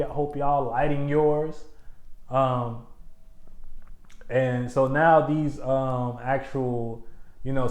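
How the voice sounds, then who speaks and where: A man's voice: mid-range voice, darkish tone, roomy sound. A man who calls himself a spiritual coach, talking loosely on a livestream. His speech is slangy, profane and repetitive, and he is slightly tipsy. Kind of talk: casual livestream talk. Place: room, live stream.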